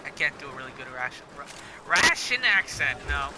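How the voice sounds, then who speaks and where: A man's voice: medium pitch, little pitch movement, fast talker, heavy background noise. A teenage boy giving live gameplay commentary, rambling and making crude jokes with frequent giggles. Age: teens. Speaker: gaming streamer. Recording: loud game music behind voice.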